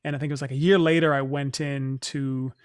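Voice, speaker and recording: A young man from Northern California, a stage actor as interview guest, telling stories in a reflective, soft-spoken way with many fillers and restarts. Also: mid-range voice, steady tone, fairly quick, clean tone, no room sound, clean studio sound. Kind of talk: casual interview storytelling.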